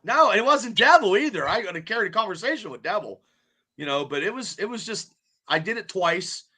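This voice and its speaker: A man's voice: sits high, expressive, brisk, pushed and bright, slightly rough. A man hosting a podcast in casual chat, rambling and stammering as he repeats words. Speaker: podcast host.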